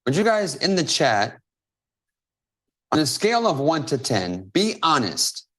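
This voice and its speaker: A man's voice: on the high side, big pitch swings, measured pace, a bit bright. A man hosting a live-stream coaching Q&A over a video call. He is emphatic and repeats phrases for stress. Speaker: host and business coach.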